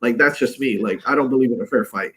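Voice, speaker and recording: A man's voice: medium pitch, fast, a bit bright, slightly rough. A man chatting casually on a podcast, telling stories in a blunt, profane way. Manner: blunt, profane, loose storytelling. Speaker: podcast co-host. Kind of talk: casual chat.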